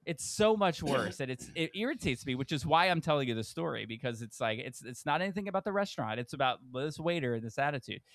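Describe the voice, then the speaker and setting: A man's voice: fast talker, few pauses, no room sound. A man co-hosting a podcast who tells a story in casual chat, acting out the people he quotes with sudden jumps in his voice. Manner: animated storyteller, acts out quoted people with big pitch jumps. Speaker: podcast co-host.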